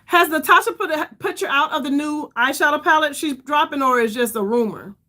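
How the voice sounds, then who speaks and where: A tired middle-aged woman chats her way through a makeup livestream. Her voice sits on the high side, and she rambles as she talks to her viewers. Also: a little fast, sharp tone. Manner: chatty, addresses viewers as y'all, rambling. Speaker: beauty livestream host. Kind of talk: casual livestream makeup chat.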